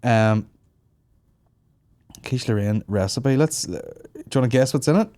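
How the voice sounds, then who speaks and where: A man's voice: mid-range voice, unhurried, mellow. Giddy man, crude and jokey. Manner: crude, jokey, swears a lot, puts on voices in stories. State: giddy and tired. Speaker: podcast host. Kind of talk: casual comedic banter.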